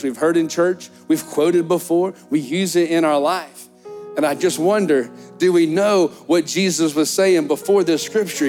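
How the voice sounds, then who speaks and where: A middle-aged man, preaching a sermon as pastor in a church, telling stories with lively animation. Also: high-pitched. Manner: animated storytelling, acts out disciples' excited chatter. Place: church sanctuary.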